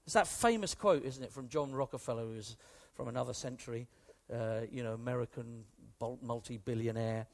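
Preaching with a British accent, this man keeps his mid-range voice brisk and rarely pauses. His sermon feels animated and conversational, shifting from quiet passages to forceful emphasis.

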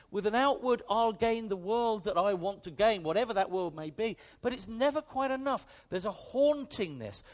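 A male preacher with a high voice that leaps up and down in pitch as he preaches. He speaks with emphasis, returns to the same phrases again and again, and asks his listeners direct questions. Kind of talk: sermon.

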